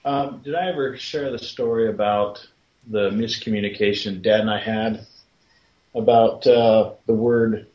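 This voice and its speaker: A man's voice: fairly low pitch, steady tone, unhurried, darkish tone. A man telling family stories in a folksy way, laughing as he recalls them. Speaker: podcast co-host. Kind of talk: casual storytelling. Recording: roomy echo.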